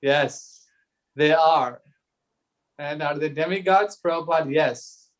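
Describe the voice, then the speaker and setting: A man's voice: a little high, slow. A man leading a group discussion, reading conversation transcripts aloud and chuckling now and then over a video call.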